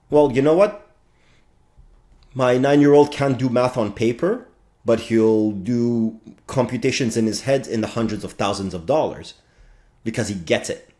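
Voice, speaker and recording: A man in his late thirties, a guest on a podcast, speaking casually and animatedly, firing out thoughts in quick bursts with playful sound effects. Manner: animated, talks fast in bursts with sound effects like bam and boom. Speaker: guest, fractional CTO.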